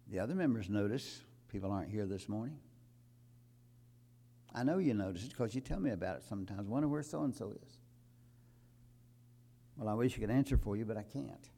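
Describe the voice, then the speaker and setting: An older man preaching a sermon to his congregation, building from calm talk to loud emphatic peaks and quoting scripture. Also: fairly low pitch. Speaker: pastor.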